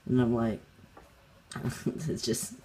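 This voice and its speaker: Young male gamer narrating his own match, loose and rambling, chuckles a lot, middle-pitched everyday voice. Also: flat delivery, slow pace, dark tone, slight background noise. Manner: rambling, laughing, many fillers and restarts. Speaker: gaming channel host. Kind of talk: casual gameplay commentary.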